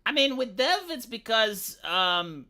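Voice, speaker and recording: A woman with a Romanian accent and a squeaky voice, ranting heatedly on a casual live stream and often stumbling over repeated words. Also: very animated, slow, pushed and bright. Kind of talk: casual livestream chat.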